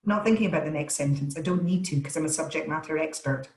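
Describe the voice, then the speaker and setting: Emphatic woman voice coach, echoey room. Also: low-pitched. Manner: emphatic, energetic coaching delivery with deliberate stress on words. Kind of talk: webinar Q and A answers. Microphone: video call.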